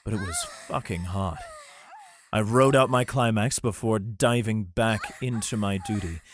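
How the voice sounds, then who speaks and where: A man narrating an adult fantasy audiobook in the first person with a low voice. He reads in a steady, even way. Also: measured pace, a little hiss or hum.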